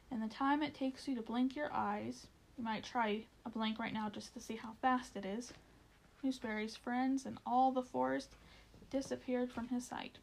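A woman reading a children's storybook aloud, expressive and speaking directly to the listener. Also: fairly high pitch, gravelly, a little hiss or hum, low-quality recording.

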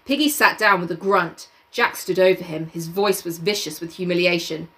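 A woman's voice: lowish voice, moderate pace, sharp tone. A woman reading a novel aloud on a podcast and chatting about it casually, laughing and swearing now and then. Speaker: podcast co-host and reader.

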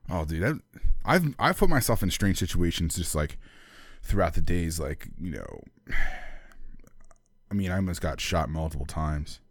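A man's voice: low-pitched, very animated, moderate pace, long pauses, no echo, studio quality. A man co-hosting a podcast, telling a story in casual chat, laughing and acting out the people he quotes. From Philadelphia area. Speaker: podcast co-host.

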